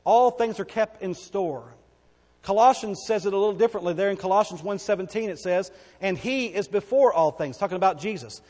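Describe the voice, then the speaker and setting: A man preaching a sermon, emphatic, asking the congregation questions and swinging between loud declarations and hushed lines. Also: high-pitched, brisk. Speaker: pastor. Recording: long hall reverb.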